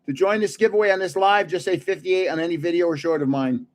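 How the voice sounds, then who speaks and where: Talking fast in a high-pitched voice, an older livestream host opens card packs and chats casually. He keeps chuckling at himself while guessing the names of the cards.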